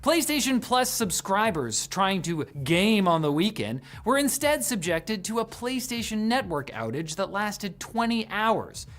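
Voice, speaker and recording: A man's voice: sits high, very animated, measured pace, hardly any pauses, a bit bright. A man hosting a scripted tech news show, delivering the news with sarcastic jokes.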